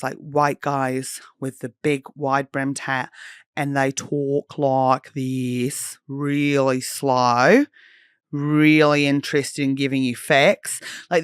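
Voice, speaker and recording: English woman, solo podcast host, animated storytelling, sweary, dry sound. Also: rumbling low, no echo. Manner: chatty, animated, swears freely, mimics people in stories.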